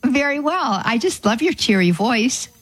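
A woman hosting a call-in radio advice show, speaking haltingly with many fillers and restarts. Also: on the high side, big pitch swings, husky, dry recording, poor audio.

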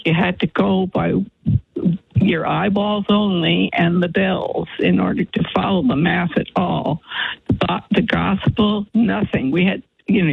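A bedridden woman calling in to a radio show, asking her question slowly and tearfully. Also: on the low side, gravelly, breathy edge, no room sound. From New Hampshire. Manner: slow, halting, tearful. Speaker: caller. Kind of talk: call-in question. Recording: tinny phone line.

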